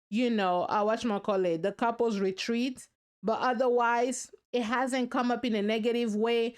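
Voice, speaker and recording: A sassy, animated woman giving casual, slang-filled commentary on a reality show and talking right to her audience. Her voice sits high and comes across smooth and clear. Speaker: reaction video host.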